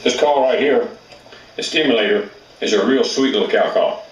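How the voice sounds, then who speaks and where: A man's voice: mid-range voice, moderate pace, very noisy. Folksy guy explaining elk calls, kinda far off the mic, roomy echo. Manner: plainspoken, folksy, rural grammar. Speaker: elk calling instructor. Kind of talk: outdoor hunting instruction.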